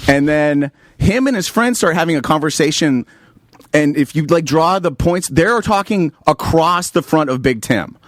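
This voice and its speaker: A man spinning a story with a lively, swooping voice that sits a little high. He acts out every quote with gusto and swears freely. His voice is dry and close, with no room around it. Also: moderate pace, no echo. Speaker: guest comedian. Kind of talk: casual podcast storytelling.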